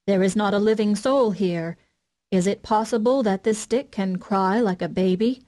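A woman's voice: mid-range voice, normal speed, dark tone, lightly acted. A woman voicing an old male carpenter who mutters to himself and grows frightened, in a storybook reading. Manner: muttering to himself, trembling and stammering.

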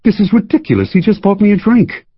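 A male narrator voicing a small, mousy woman who pleads in a shrill, high voice. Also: sing-song, quick pace, no echo, muffled recording. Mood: exasperated.

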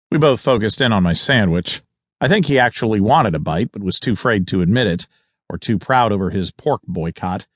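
A male audiobook narrator reads a first-person thriller in a lowish voice with a wry, sardonic edge. The studio sound is close and dry. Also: lively intonation, fairly quick, husky, no room sound.

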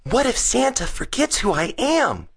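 A man voicing an anxious, excitable young boy in a children's audiobook, with a high, whiny, worried delivery. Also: unhurried, husky, full character voice.

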